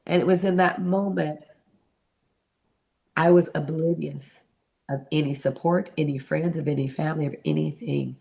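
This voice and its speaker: A woman's voice: sits low, fairly even intonation, normal speed, gravelly, pauses often, warm tone. A middle-aged woman giving an earnest personal testimony in an interview, acting out the voices she remembers. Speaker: interview guest, mentor and therapist.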